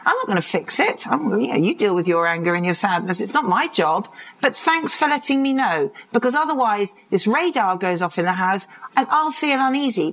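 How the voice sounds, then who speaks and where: Animated woman in her fifties. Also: mid-range voice, low-quality recording. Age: 50s. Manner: animated storytelling with acted-out quotes and laughs. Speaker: parenting and addiction expert guest. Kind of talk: live conversational interview. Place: conference stage.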